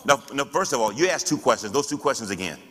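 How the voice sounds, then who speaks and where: Preaching pastor in a reverberant hall. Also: male voice, medium pitch, animated, fast, a bit bright, husky. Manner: call-and-response preaching, rhetorical questions. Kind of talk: church teaching.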